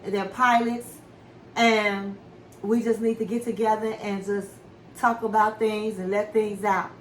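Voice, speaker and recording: A woman's voice: mid-range voice, flat delivery, measured pace, echoey room, a little hiss or hum, rough recording. A woman hosting a casual reality-TV recap, telling the story in a chatty, gossipy way with side comments. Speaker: recap show host.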